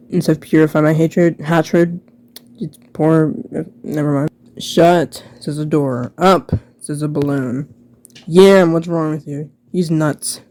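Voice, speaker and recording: A woman rambles through a mocking, sarcastic commentary, full of quick restarts and jokey asides. Her voice sits a bit low and sounds dark and mellow. It is recorded dry and close, with no room sound. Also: no room sound. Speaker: video creator reviewing her own old book. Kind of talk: casual commentary reading aloud.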